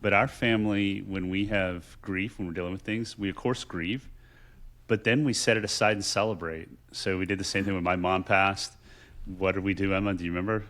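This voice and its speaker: A man's voice: low voice, steady tone, brisk, fairly bright tone. A middle-aged man from Texas, co-hosting a casual chat and telling family stories in a reflective way, with many restarts. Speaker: podcast co-host.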